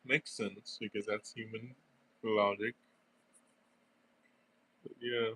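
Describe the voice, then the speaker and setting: A man's voice: lowish voice, level tone, slow pace, pushed and bright, slightly rough. A young man with a stuffy nose, rambling through casual gameplay commentary with lots of fillers and giggles. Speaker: gaming streamer.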